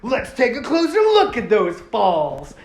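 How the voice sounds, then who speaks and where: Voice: medium pitch, huge pitch swings, unhurried, a little mellow, roomy sound, pitched above the performer's own voice. A speaker voicing a cocky, boastful male fire warrior hero who taunts others. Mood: taunting. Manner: smug, taunting.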